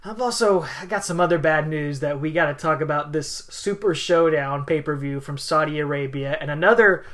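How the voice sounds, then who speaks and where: A woman's voice: sits low, moderate pace, hardly any pauses, a bit bright. Playful, wordy woman podcast host. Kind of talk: casual podcast chat.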